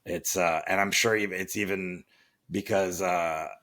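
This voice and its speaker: A man's voice: deep voice, steady tone, unhurried, a bit bright. A man from Florida hosting a podcast, chatting casually and rambling through restarts and filler phrases. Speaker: podcast host. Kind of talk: casual conversational interview.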